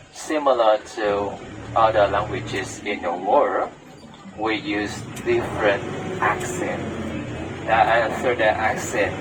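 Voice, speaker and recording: A man with a Vietnamese accent, a tour guide explaining things to tourists in halting English full of "uh" fillers, inside a tour bus. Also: on the low side, noisy background. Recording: from a distance on a bus, music behind.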